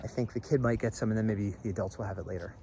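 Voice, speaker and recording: A man's voice: on the low side, very fast, noisy background. A man chatting casually in a vlog, rambling as he tells stories outside his house at dusk. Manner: rambling, animated storytelling with mimicked voices. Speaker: vlogger. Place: outdoors in front of a house at dusk.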